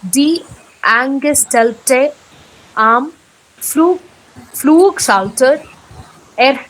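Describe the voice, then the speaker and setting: Woman, student, reading aloud, very slow, husky, higher voice. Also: animated, rough recording. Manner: halting, careful reading. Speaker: language student.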